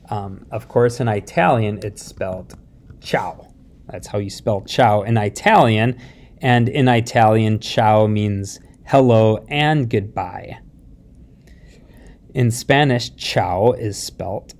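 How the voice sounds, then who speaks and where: A Spanish teacher with a medium-pitched, darkish voice walks his students through a recorded lesson step by step, patient and slow. He blends English and Spanish words and often checks in with a rising "see?"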